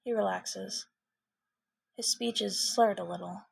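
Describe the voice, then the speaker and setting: Husky woman reading fan fiction. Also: medium pitch, fairly even intonation, takes it slowly, no echo. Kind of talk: second-person story narration.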